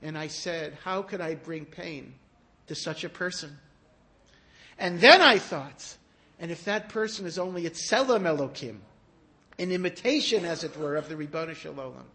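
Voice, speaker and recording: A man giving a sermon, telling stories in an animated way that rises to emphatic peaks. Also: high-pitched. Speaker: rabbi giving a talk. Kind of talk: storytelling sermon.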